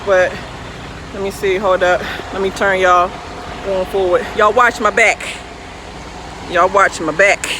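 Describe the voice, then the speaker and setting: Her voice is mid-range and fairly flat in intonation, a bit slow, with long pauses as she talks. She's a woman trucker goofing around on a phone livestream, playfully replying to viewer comments outside next to her truck at night, with faint vehicle noise in the background.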